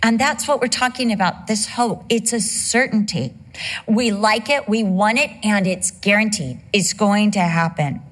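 A woman's voice: mid-range voice, expressive, measured pace, a bit bright. A middle-aged woman preaching a sermon, teaching from scripture and slipping into humorous personal stories. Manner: conversational, tells humorous personal anecdotes.

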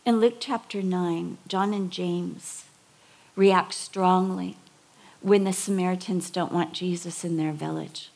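A woman preaching a sermon, telling a personal story with lively acted-out quotes and soft whispered emphasis. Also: lowish voice, slow pace, gravelly.

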